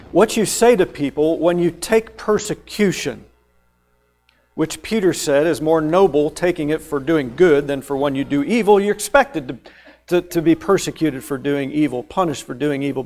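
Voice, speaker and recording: Emphatic preacher man, slightly high voice. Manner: emphatic, rising to loud stressed phrases then dropping low; reads and explains scripture verse by verse. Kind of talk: sermon.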